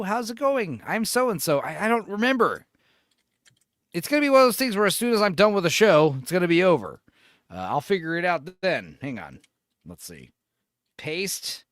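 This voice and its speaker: A man's voice: fairly high pitch, a bit bright, dry recording, clean studio sound. A man hosting a casual reaction stream, talking loosely and swearing. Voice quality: swearing, easily frustrated. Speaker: streamer host.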